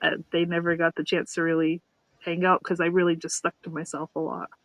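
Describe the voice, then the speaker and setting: Nervous lady guest, bright voice, repeats herself, dry sound. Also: lowish voice, level tone, a little fast, dry recording, low-quality recording. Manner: nervous, repeats and restarts words. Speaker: guest, newlywed bride. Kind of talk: casual chat.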